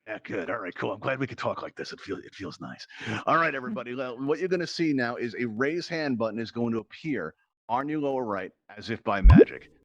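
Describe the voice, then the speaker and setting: A man hosting a game show, talking fast in a chatty, joking patter full of asides and fillers. His voice sits at a middle pitch. The sound is close and dry, as if through a headset mic. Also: lively intonation, a bit bright, no room sound, muffled recording. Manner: chatty, rambling, jokey, lots of fillers and asides. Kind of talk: playful game show patter in virtual reality.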